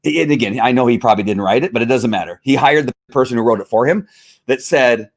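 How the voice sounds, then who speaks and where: A worked-up man hosts a podcast and rants in loose political commentary. He talks at a mid pitch, stumbles, restarts often and pushes hard on his points. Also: fast. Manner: fired-up, rambling, with frequent restarts. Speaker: podcast host.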